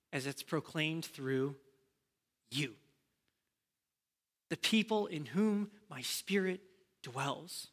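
A man preaching a sermon as a campus minister, telling a story and acting out the dialogue in an animated way. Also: on the high side, drawn-out words, pauses often, big-room sound.

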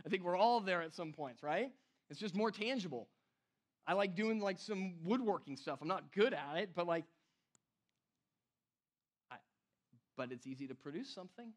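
A man preaching a casual sermon to his church, chatty and self-deprecating, often laughing at himself. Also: fairly high pitch. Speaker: pastor.

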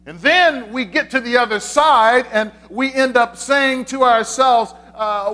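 Man, pastor, high voice, conversational sermon, repeats points. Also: measured pace, few pauses, sharp tone. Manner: conversational, repeats key points, frequent "uh" fillers.

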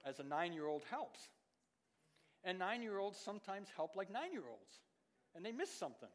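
A middle-aged man preaching a sermon as pastor, swinging from loud, emphatic lines to hushed, low asides. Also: big pitch swings, normal speed. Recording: long reverb of a large hall.

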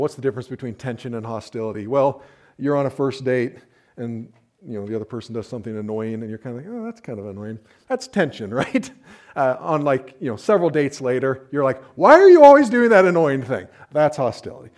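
A man's voice: mid-range voice, darkish tone. A man, a pastor, preaching a sermon in a conversational way with playful asides. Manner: conversational, uses playful asides and acted-out quotes.

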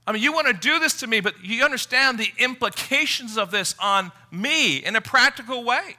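A man's voice: very high voice, expressive, normal speed, sharp tone, voice pushed up, exaggerated voice. A preacher acting out a young woman who urgently pleads with her brother to stop. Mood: pleading.

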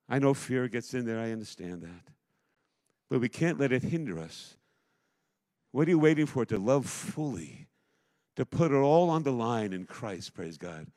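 A middle-aged man preaching a sermon as pastor, emphatic, swinging between loud declarations and hushed asides. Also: medium pitch. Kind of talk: impassioned sermon. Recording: long hall reverb.

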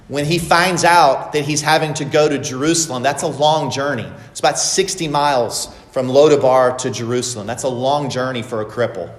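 A man preaching a sermon, expressively acting out the quoted lines of the story. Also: medium pitch. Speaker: pastor. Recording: echoey hall with long reverb.

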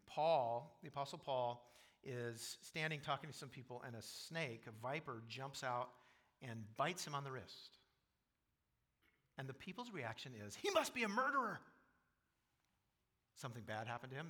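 A pastor preaching a sermon, explaining scripture in an earnest way and asking the congregation questions. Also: male voice, mid-range voice, sharp tone.

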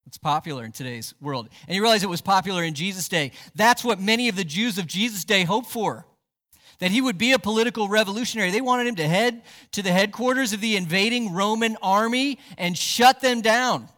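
A man's voice: high-pitched, brisk, bright, forceful tone, in a large hall. A man, a pastor, preaching a sermon in a church sanctuary, emphatic and asking the congregation rhetorical questions.

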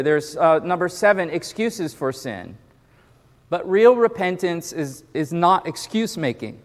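A man's voice: fairly high pitch, very animated, measured pace, big-room sound. A male pastor preaching a sermon in a casual, conversational way, often repeating words as he builds his points.

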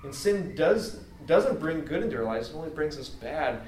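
A man's voice: fairly high pitch, lively intonation, moderate pace, a little mellow, a little hiss or hum. A man preaching a casual, heartfelt sermon in an everyday way, with many fillers. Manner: earnest, informal, many fillers. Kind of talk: conversational sermon. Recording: echoey room, mic at a distance.

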